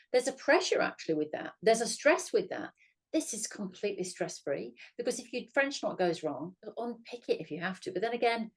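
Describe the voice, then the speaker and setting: A woman co-hosting a sewing tutorial, talking in a gushing, enthusiastic way. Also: medium pitch. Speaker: co-host of a sewing channel. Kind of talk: casual craft tutorial chat.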